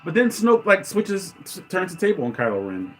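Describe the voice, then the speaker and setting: A man in casual commentary, rambling and enthusiastic as he retells a movie scene and acts out lines in quick voices. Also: high voice, wildly swooping pitch, faint music behind. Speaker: podcast host.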